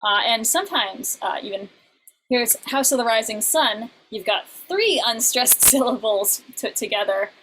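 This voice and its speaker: A woman teaching an online class with a somewhat high voice. She explains in halting bursts, full of restarts. A faint hum of background noise sits under her. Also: expressive, a bit bright, poor audio. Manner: explains in halting bursts, breaks into short sung examples.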